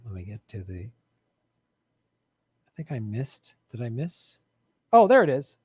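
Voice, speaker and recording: A comedian host answering live chat in a casual, sarcastic, joking way, swearing and laughing often into a studio microphone. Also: male voice, on the high side, big pitch swings, normal speed, long pauses, a little mellow, slightly rough, no echo.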